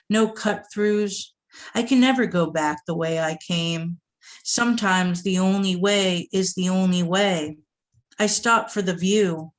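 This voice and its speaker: Woman from boston reading her poems real slow, low-ish voice. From Boston area. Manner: slow, measured delivery with asides to the audience. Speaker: poet reading her work. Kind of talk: poetry reading. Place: reading event before an audience.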